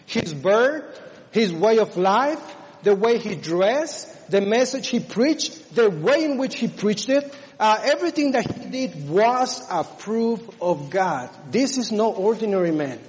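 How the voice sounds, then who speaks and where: A man with a high-pitched voice preaches a sermon, earnest and exclaiming, often pausing on fillers as he goes. His voice rings out into a large hall with a long reverb tail. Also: very animated.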